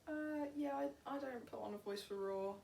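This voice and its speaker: A young woman in casual conversation, dry and teasing, quick to laugh. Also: fairly high pitch, creaky, warm tone. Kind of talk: casual chat. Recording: roomy, distant mic, faint noise.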